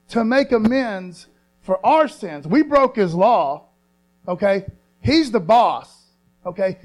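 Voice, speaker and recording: Man preaching, high voice, call-and-response, repeats lines, hum in the recording. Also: darkish tone. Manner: call-and-response, asks congregation for affirmation; repeats phrases for emphasis, stretches key words slowly. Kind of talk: sermon. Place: church sanctuary. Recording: low mains hum.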